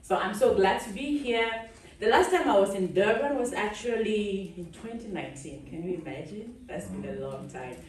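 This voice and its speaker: A woman from Cameroon giving a lively conference keynote, laughing often and chatting with the audience on stage. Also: medium pitch, normal speed, a little hiss or hum. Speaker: keynote speaker. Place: large conference hall. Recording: echoey hall, speaker far from the mic.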